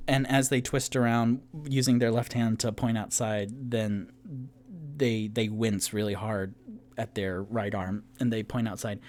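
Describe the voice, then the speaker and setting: Slow-talking man narrating a tabletop game. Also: fairly low pitch, steady tone. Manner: loose, descriptive, halting narration. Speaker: game master.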